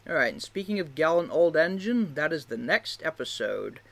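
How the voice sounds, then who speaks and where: A man's voice: a little high, very animated, moderate pace, vocal fry, a bit bright. Rambling man giving casual commentary. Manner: rambling, many fillers, laughs often. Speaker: video creator.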